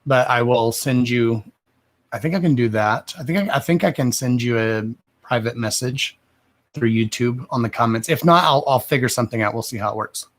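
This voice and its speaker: A man hosting a live psychic reading stream, answering viewers slowly and deliberately and often calling them "darling". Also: mid-range voice, no room sound. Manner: slow and deliberate, calls viewers "darling", says "okay" again and again.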